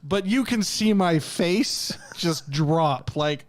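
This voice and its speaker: A man's voice: on the high side, lively intonation, slow. A man co-hosting a casual gaming podcast, teasingly recounting a story. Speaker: podcast co-host.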